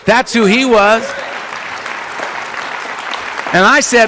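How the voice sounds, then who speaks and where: A man's voice: a little high, fairly quick, few pauses, some chatter behind. A man telling a humorous, self-mocking personal testimony at a conference podium. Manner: animated, self-mocking storytelling. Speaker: recovery speaker.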